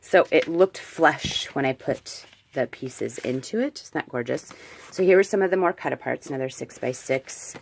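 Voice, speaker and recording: Just a woman with a low voice gushing over her craft album, chatty, restarts a lot. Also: expressive, moderate pace, a little hiss or hum. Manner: chatty and gushing, with fillers and self-corrections. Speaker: crafter showing a handmade album. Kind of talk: casual show-and-tell vlog.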